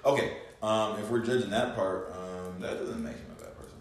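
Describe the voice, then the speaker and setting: A man co-hosting a podcast in casual chat, laid-back and halting, swearing freely. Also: lowish voice, recorded from a distance. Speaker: podcast co-host. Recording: very echoey room, away from the mic, faint background hum.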